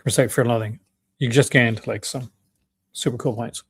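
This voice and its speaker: A man's voice: medium pitch, steady tone, normal speed, a bit bright, breathy edge. Young Canadian man, Canadian accent, mid-range voice, enthusiastic, rambling livestream host. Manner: chatty, enthusiastic, with many fillers and restarts. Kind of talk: casual livestream chat.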